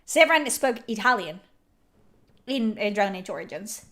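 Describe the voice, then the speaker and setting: A woman from Spain with a Spanish accent and Spanish as her first language, commenting on a game in an animated, emphatic, exasperated way and swearing freely. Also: mid-range voice, moderate pace. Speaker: streamer.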